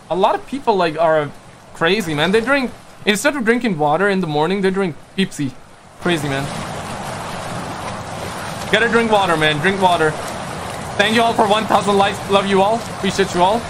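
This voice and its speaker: This livestreamer from Pakistan, a native Urdu speaker, reads viewers' comments aloud while joking around, rambling and tossing in playful slang. His high, fairly bright voice has lively intonation and a fairly quick pace broken by long pauses, with a little hiss or hum.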